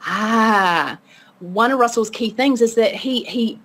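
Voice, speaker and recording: Woman, webinar coach, chatty, upbeat, fairly high voice, light background noise. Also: moderate pace. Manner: upbeat, chatty, keeps asking okay. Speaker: online course coach. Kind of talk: motivational webinar talk.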